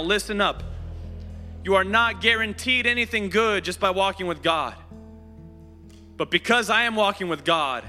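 A man preaching a sermon and giving an altar call, earnest and pleading, with repeated invitations to come up. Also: high voice. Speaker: pastor. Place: church sanctuary. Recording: hall reverb, music playing softly behind.

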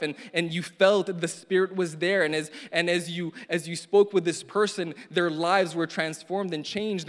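A man preaching a sermon in an earnest way, often repeating words and building to emphatic stresses. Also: fairly high pitch. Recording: long hall reverb.

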